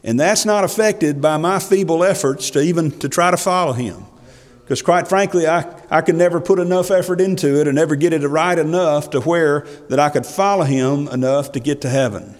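A male pastor preaches in a church sanctuary, reading scripture in old-fashioned wording and building to emphatic passages before dropping quiet. His voice is fairly high and a little fast, and the recording carries long hall reverb from the church.

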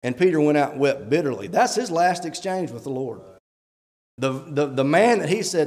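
A man's voice: medium pitch, brisk, a little mellow. A man, a church elder, preaching a sermon with emphatic rhetorical questions and reading scripture aloud. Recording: long hall reverb.

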